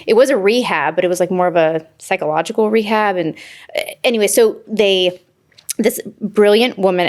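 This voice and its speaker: Relaxed woman hosting a chat. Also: on the low side. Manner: relaxed, halting, with restarts and soft agreement sounds. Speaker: podcast host. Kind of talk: casual conversational interview.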